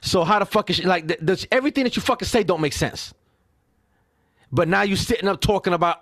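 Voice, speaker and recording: A man co-hosting a casual podcast, venting with profanity and repeated "right?" checks. His voice sits a little high. The sound is dry and close. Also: fast talker, no echo. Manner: animated, profane, ranting with rhetorical "right?". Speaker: podcast co-host. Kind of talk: casual heated chat.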